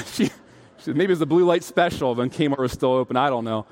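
A man preaching a sermon, telling stories in an animated way and acting out the voices of the people he quotes. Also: medium pitch, fairly quick, slight background noise. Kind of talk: sermon with storytelling. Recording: long hall reverb.

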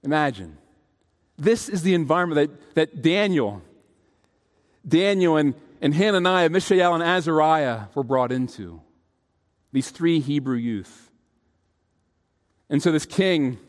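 A man preaching a sermon, telling stories in an animated way and acting out the voices of the people he quotes. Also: a little high. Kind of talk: sermon with storytelling. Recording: long hall reverb.

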